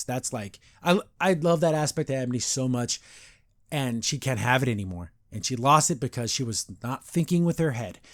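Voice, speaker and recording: A man hosting a podcast, casually recapping a cartoon episode in a rambling, animated way, acting out the characters' lines. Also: mid-range voice, dry recording.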